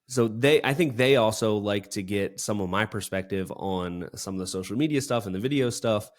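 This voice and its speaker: A young man co-hosting a podcast, telling a story in casual chat, rambling with lots of fillers. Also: lowish voice. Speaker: podcast co-host.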